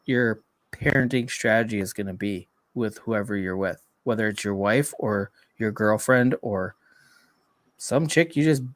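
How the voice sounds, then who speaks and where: A man's voice: on the low side, a little slow, no room sound. Male podcast co-host, outspoken and profane, dry close recording. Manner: blunt, profane, rambling. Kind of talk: casual chat.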